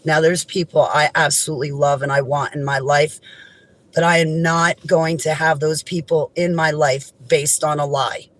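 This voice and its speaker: A woman vlogger speaks straight to camera in an impassioned, indignant monologue, swinging between raised outbursts and low, heavy statements. Her tone stays steady at a normal speed, and the recording quality is low.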